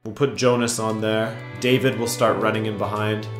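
A man commentating his own football video game, muttering then yelling with excitement, his voice going hoarse. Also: lowish voice, moderate pace, echoey room, over music. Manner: excitable, swings from mutters to shouts. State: losing his voice. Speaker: gaming YouTuber.

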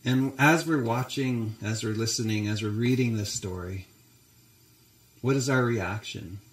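A man's voice: medium pitch, measured pace. A male pastor preaching a sermon, telling a story and addressing the congregation directly. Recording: roomy church echo.

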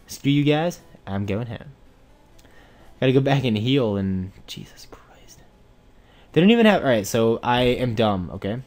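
A young man giving let's play commentary on a game, excitable and swinging from mumbles to shouts. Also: mid-range voice, moderate pace. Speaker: gamer playing a Pokemon randomizer.

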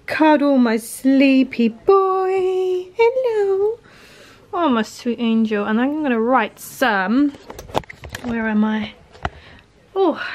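A woman in her thirties chats casually to the camera, walking viewers through her day in her kitchen. Her voice sits high and bright. She speaks warmly and easily, like a relaxed home vlog. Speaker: vlogger. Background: household appliances humming.

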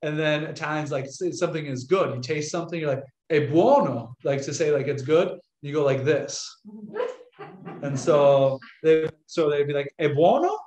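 A man, a Catholic priest, giving a casual, animated lecture and often restarting his sentences. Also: on the high side, normal speed, reverberant. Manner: chatty, animated, frequent restarts.

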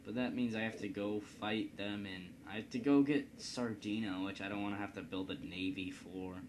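A man's voice: lowish voice, fairly even intonation, normal speed, slight background noise. A man from Indiana giving casual, rambling gameplay commentary at his computer, joking and poking fun at himself. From Indiana, United States. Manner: rambling, joking, self-deprecating. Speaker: let's play host. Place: at home computer.

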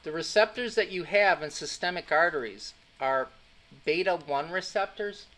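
A man teaches an anatomy and physiology class, lecturing emphatically, repeating key points and checking that students are following. His voice is on the high side, animated and fairly bright, at a moderate pace.

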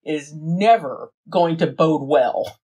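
Woman podcast co-host, husky tone, slow delivery, lively pitch. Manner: unhurried recap with laughing reactions. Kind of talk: casual recap chat.

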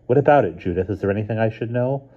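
A man reading a storybook aloud, voicing a busy mother who talks with brisk, forced cheerfulness. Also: on the low side, husky, lo-fi sound, voice pushed up. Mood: impatient.

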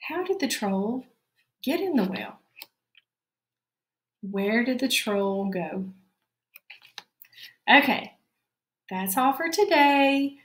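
A woman teacher giving a spelling lesson to young children, dictating slowly and clearly and repeating each word. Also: a little high, expressive, a bit bright, echoey room.

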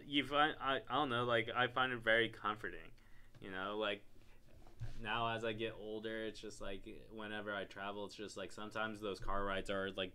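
A man's voice: fairly low pitch, pushed and bright, slight background noise. A man co-hosting a podcast, telling stories in a laid-back, rambling casual chat full of fillers. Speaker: podcast co-host.

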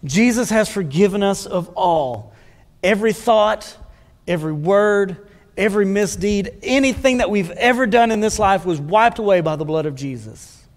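A man's voice: high voice, animated, normal speed, in a large hall. A man preaching a sermon as a pastor, talking in a conversational way and putting questions to the congregation. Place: church sanctuary.

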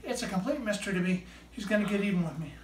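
Animated woman showing off a pet bird. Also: medium pitch, very fast. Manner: animated, praises and coaxes the bird. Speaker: pet bird owner presenting tricks. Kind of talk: showman patter to a live audience. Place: indoor room with a pet bird. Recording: echoey room, mic at a distance, faint noise.

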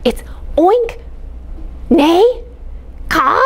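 A woman's voice: very high-pitched, very animated, extremely slow, voice pushed up, exaggerated voice. A woman voicing a delighted owl in a picture-book reading, pleased and sing-song.

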